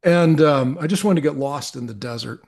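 A man's voice: a little high, moderate pace, vocal fry, a little mellow. A middle-aged man, a podcast guest, telling a personal story in an earnest, reflective way, with frequent restarts.

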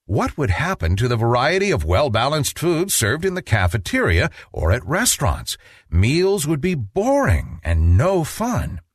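A man reading a children's storybook aloud in an expressive, playful manner. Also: medium pitch, measured pace, husky, no room sound, clean studio sound. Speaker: narrator.

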